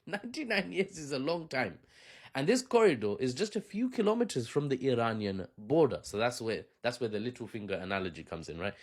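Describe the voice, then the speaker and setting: A man hosting a casual commentary video, chatty and joking, often laughing at his own asides. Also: mid-range voice. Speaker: video host.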